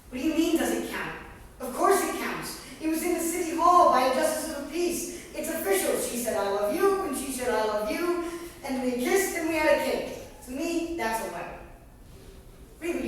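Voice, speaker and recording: A man's voice: extremely high pitch, a bit bright, slight background noise. A man performing a chatty middle-aged mother who gossips on the phone, in a stage monologue. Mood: indignant. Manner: gossipy, exclamatory, talks straight to an unseen caller. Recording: echoey stage hall, distant mic.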